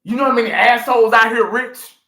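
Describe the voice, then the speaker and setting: A man's voice: extremely high pitch, a little fast, gravelly, sharp tone, reverberant. A man in his forties, a sports fan vlogger ranting through a live reaction, swearing freely and repeating himself for emphasis.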